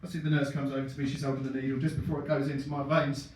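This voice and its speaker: A man's voice: medium pitch, level tone, very fast. A man telling a comic story on stage, often laughing at his own jokes and acting out other people's voices. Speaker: stand-up comedian. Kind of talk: stand-up storytelling. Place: comedy club stage. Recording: echoey room from far off, noisy. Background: audience laughter.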